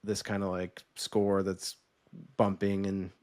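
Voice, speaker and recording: Guy cohosting a movie podcast, chatty and animated, acts out quotes, dry close sound. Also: sits low, slow pace, no room sound. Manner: animated storytelling with quoted voices, laughs often. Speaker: podcast co-host. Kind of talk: casual chat.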